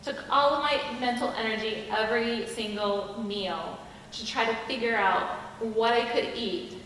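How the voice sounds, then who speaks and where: A woman's voice: on the high side, fairly bright tone, slight background noise. Middle-aged woman chapel speaker, earnest confiding testimony, recorded from a distance in a reverberant hall. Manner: earnest, confiding, pauses and restarts. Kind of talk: personal testimony talk. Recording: echoey hall from a distant mic.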